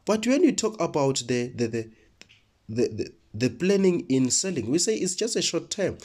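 A male teacher explains his lesson in a husky voice whose pitch rises and falls in a lively way. He puts questions to his class and then answers them himself. Sometimes he repeats a word several times while he looks for the next one. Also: normal speed. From South Africa. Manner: repeats words while thinking.

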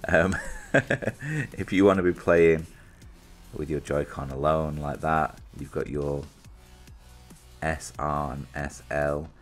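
A man's voice: rumbling low, takes it slowly, long pauses, soft background music. A British man chatting casually as he demonstrates a product he is unboxing, thinking aloud and poking fun at himself. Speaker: reviewer presenting an unboxing.

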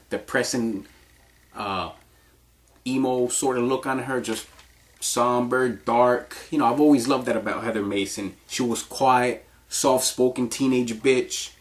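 A man giving casual countdown commentary in a crude, rambling, profanity-heavy way, often laughing. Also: mid-range voice.

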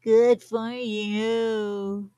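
A woman's voice: a little high, level tone, extremely slow, warm tone, dry recording, muffled recording. A woman voicing an eager, cheerful little pig.

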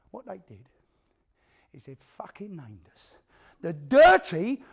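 A man's voice: high-pitched, exaggerated voice. An actor with a London accent playing a hard, spiteful male gangster who recounts a brutal feud in a coarse, swearing theatrical monologue, re-enacting the scenes as he goes. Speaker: actor performing a stage monologue.

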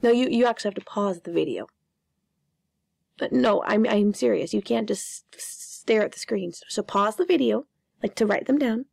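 A woman's voice: mid-range voice, moderate pace, vocal fry, a little mellow, slightly rough, no room sound. A young woman teacher giving a chatty, playful online grammar lesson, often repeating her words.

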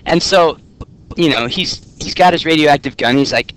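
A man teaching a class in a relaxed, joking way, often checking in with "okay?". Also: on the high side, normal speed, clear, resonant tone. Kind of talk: classroom lecture. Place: classroom with students.

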